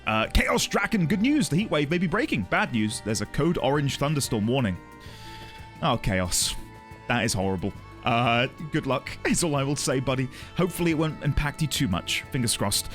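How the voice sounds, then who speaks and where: A male live streamer talks openly to his audience, his pitch swinging widely as he greets viewers. He comes across as earnest and emotional, often circling back on his words. Soft music plays faintly underneath. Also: expressive, moderate pace. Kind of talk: casual chat with a live audience.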